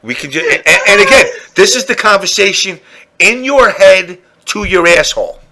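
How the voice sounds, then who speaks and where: Casting: lively male podcast host, gravelly and bright, vulgar comic storyteller. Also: high-pitched, normal speed. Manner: crude, animated, acts out dialogue. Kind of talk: comedic storytelling.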